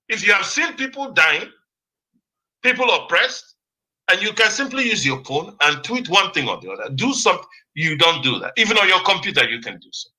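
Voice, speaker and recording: A man's voice: high voice, bright, forceful tone, rough recording. A man giving impassioned political commentary on a radio broadcast, repeating key words for emphasis.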